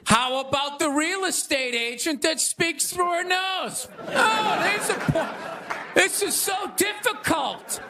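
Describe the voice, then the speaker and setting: A man hosting a comedy show, delivering a rambling stand-up monologue with exasperated loud bursts. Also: very high voice, slow, very noisy. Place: stage before a live audience. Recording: live show with crowd laughter.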